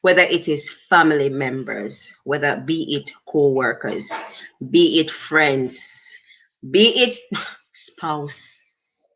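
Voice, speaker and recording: A middle-aged woman with a Jamaican accent talks to her livestream audience. She speaks slowly and thoughtfully, in a voice a little on the low side, and stops now and then to thank viewers. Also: animated. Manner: unhurried, reflective, thanks viewers warmly. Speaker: livestream host. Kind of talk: casual livestream talk to chat.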